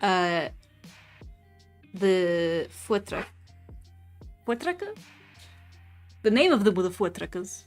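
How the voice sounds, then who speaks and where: Her voice lowish, this young South African livestream host speaks slowly, with big swings in pitch and long pauses. It's relaxed chat with lots of laughter as she responds to comments from viewers, and faint background music runs underneath.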